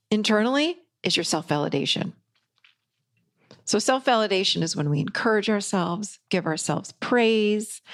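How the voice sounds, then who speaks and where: A middle-aged woman who hosts a podcast and works as a life coach gives an upbeat, encouraging motivational talk. Her mid-range voice is delivered emphatically.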